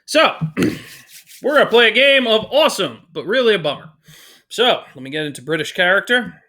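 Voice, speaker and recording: A male history teacher giving a casual, energetic, jokey lecture to his class. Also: sits high, normal speed.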